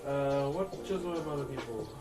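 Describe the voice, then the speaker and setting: A man's voice: mid-range voice, normal speed, over loud music. A young man with a New Zealand accent chatting casually while streaming, joking, swearing and laughing often as he carves wood. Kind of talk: casual live-stream chat.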